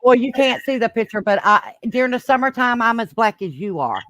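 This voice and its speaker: A woman's voice: a little high, big pitch swings, fairly quick, fairly bright tone, dry recording. Country-drawling Southern woman, dry sound. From Southern United States. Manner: blunt, swearing, drawling. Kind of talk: casual group voice chat.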